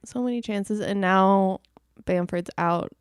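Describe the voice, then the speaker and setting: A woman co-hosting a casual podcast, chatty and quick to laugh. Her voice is smooth and clear, recorded close and dry. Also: medium pitch, no room sound. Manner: chatty, laughs, many fillers like "like". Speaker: podcast co-host. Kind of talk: casual chat.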